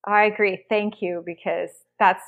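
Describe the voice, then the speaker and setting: A woman interviewing a guest in casual conversation, asking questions in a halting way. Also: medium pitch, steady tone, phone-quality sound.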